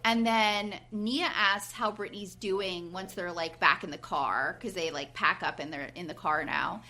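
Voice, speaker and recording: A woman's voice: on the low side, measured pace. A woman in her forties on a podcast, casually recapping a reality show and acting out what people said. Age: 40s. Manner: animated retelling, acting out quotes, frequent fillers. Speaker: podcast co-host.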